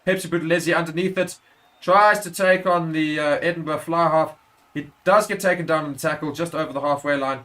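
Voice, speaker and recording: A man's voice: on the high side, fairly even intonation, fairly quick, sharp tone. A man giving live play-by-play commentary on a rugby match for a watchalong stream, correcting himself as he goes and rising sharply at big moments.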